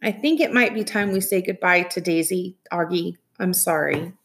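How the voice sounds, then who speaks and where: A woman reading aloud, voicing a gentle mother who speaks softly through her grief. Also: lowish voice, moderate pace, slight background noise, close to an everyday voice. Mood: sad, gentle. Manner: soft and quiet.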